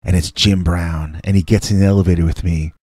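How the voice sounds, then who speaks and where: A man's voice: low-pitched, fairly even intonation, fairly quick, a little mellow, no room sound, studio quality. A middle-aged man telling a story from his youth in a casual, rambling way. He often mocks himself and restarts his sentences. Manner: rambling, self-mocking, many restarts. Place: indoors.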